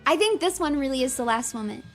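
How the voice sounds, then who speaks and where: A woman streamer in excitable, gushing livestream commentary, laughing often and using lots of fillers. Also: sits high, fast.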